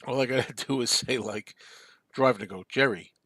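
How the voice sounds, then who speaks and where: Man, show host, casual rambling chat, reads comments, mid-pitched voice, dry close sound. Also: a little fast, fairly bright tone, no room sound. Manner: rambling, chatty, reads viewer comments aloud. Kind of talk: casual live-stream chat.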